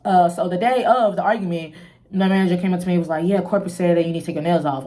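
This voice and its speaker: A woman's voice: fairly low pitch, lively intonation, fast, a little mellow. A young woman telling a personal story in a casual vlog, candid and emotional, full of slang and asides to her viewers. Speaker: vlogger.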